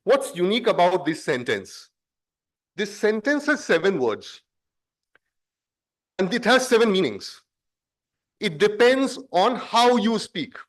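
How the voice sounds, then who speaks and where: At a conference, a man gives a presentation in a measured, explanatory way, stressing certain words for effect. His voice is high-pitched with big swings in pitch.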